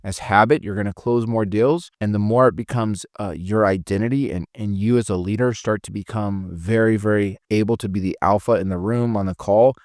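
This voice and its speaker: A man's voice: on the low side, fairly even intonation, brisk, hardly any pauses, a little mellow, no echo, studio quality. A man giving a casual spoken sales training lesson, often restarting phrases and demonstrating intonation.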